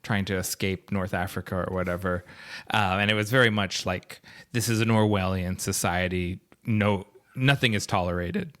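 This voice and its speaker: Low-voiced man chatting casually about films. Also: moderate pace. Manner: relaxed, chuckling, thinks aloud with fillers. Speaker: podcast co-host. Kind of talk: casual film discussion.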